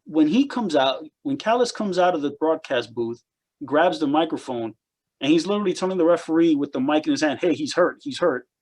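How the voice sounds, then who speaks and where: Rambling man with a higher voice. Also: expressive, fairly quick, a little mellow. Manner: rambling, repeats words, critiquing. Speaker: podcast co-host. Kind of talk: casual opinionated chat.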